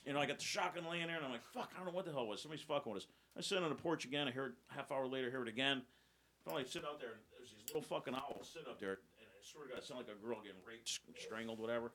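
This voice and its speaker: A man's voice: mid-range voice, rapid-fire, fairly bright tone. A man telling a vivid, profane story in casual studio chat. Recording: crowd chatter behind.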